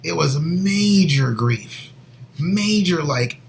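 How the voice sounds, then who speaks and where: A man co-hosting a Christian show, sharing a personal faith story in an earnest, rambling way and sometimes dropping to a soft near whisper. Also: fairly high pitch, lively intonation, slow pace, gravelly, slight background noise, rough recording. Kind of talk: personal faith testimony, casual chat.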